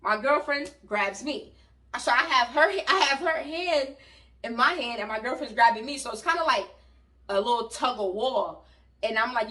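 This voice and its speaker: A woman from New York with a New York accent, telling a story in an animated, loud and slangy way and talking to her viewers. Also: fairly high pitch, moderate pace. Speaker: vlogger. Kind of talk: storytime vlog. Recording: voice a bit distant from the mic.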